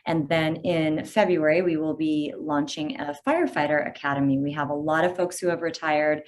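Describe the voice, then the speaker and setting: A woman fire chief giving a brisk, informative update to a virtual community meeting over a video call. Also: low voice, steady tone.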